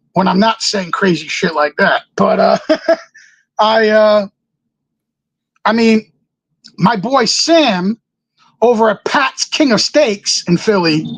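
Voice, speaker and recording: A man's voice: high-pitched, a bit bright, husky, dry recording, rough recording. A man, a wrestler guest on an interview show, telling a rambling story and acting out what others said. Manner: loose, rambling, laughs often.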